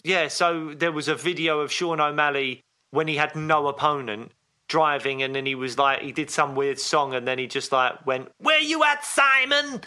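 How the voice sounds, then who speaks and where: A man's voice: medium pitch, little pitch movement, moderate pace, pushed and bright, clear, resonant tone. A man co-hosting a sports podcast in casual chat, rambling with fillers and restarts. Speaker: podcast co-host.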